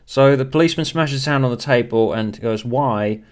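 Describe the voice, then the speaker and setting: A man's voice: medium pitch, quick pace. A man co-hosting a casual writing session, dry and laid-back, reading out stage directions as he types them. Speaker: co-writer and co-host. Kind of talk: casual chat, dictating a script as he types.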